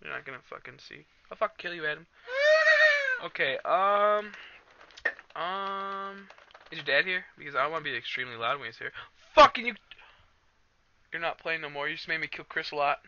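A man commentating a video game in a loud, profane, excitable way, recorded on a cheap computer mic. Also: fairly high pitch, normal speed, pauses often, lo-fi sound, a little hiss or hum. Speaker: let's play host. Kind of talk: casual gameplay commentary.

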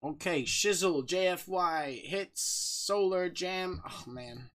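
Man, game streamer, casual live chat, shout-outs to viewers, jokey, laughs a lot, loud excited bursts. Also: high-pitched, slow.

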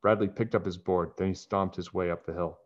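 A man reading a children's book aloud in a calm, even narrating voice. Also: sits low, brisk. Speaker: storybook reader. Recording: dull lo-fi recording.

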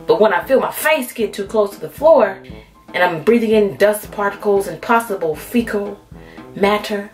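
Woman storyteller, sassy comic delivery, lively pitch, music bed behind. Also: moderate pace. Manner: animated, sassy, acts out voices and sings lines. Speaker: vlogger telling a story.

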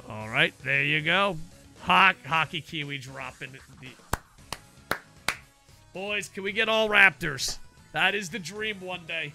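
A man streaming a video game, chatting to viewers in excitable, profane, jokey banter. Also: on the high side, unhurried, gravelly, soft background music. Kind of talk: casual game streaming commentary.

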